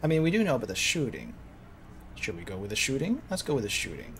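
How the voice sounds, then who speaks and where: Animated man playing through a story game. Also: mid-range voice, fast talker, slight background noise. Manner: animated, reads scenes aloud, playful. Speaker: streamer. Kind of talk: let's play commentary. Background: background music.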